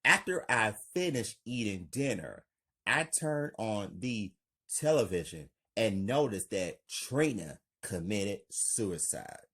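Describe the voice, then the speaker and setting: A man reading as a quiet single father. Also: on the low side, big pitch swings, takes it slowly, slightly rough, heavily acted. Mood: somber.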